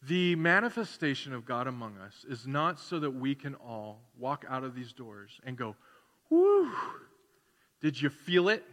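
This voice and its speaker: A man's voice: medium pitch, moderate pace, few pauses, sharp tone. A man preaching a sermon to his church in a loose, conversational way, full of fillers and acted-out asides. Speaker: pastor. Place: church sanctuary. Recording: long church hall reverb.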